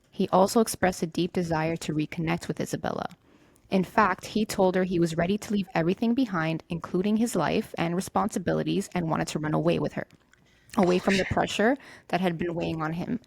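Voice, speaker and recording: A woman's voice: on the low side, vocal fry, darkish tone. A young woman hosting a podcast, telling a true-crime story in a loose, conversational way and swearing casually. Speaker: podcast host.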